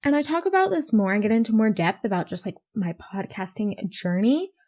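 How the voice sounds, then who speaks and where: A woman's voice: medium pitch, sing-song, fairly quick, darkish tone. A teenage girl hosting her own podcast, talking in a rambling, self-mocking way and swearing casually. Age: teens. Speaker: podcast host. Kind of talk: casual solo podcast chat.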